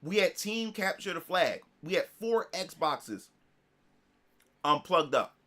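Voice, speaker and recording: A man telling a story to his livestream audience in a casual, animated way, swearing often and restarting his sentences. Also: high-pitched, takes it slowly. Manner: animated, profane, full of restarts. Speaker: streamer.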